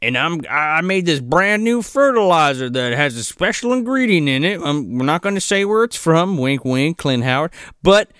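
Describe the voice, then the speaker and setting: Rambling, swearing man with a lively voice. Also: on the high side, normal speed, few pauses, smooth, no echo, clean studio sound. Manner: rambling, swears often, acts out characters' lines. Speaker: podcast co-host. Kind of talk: casual profane movie-recap chat.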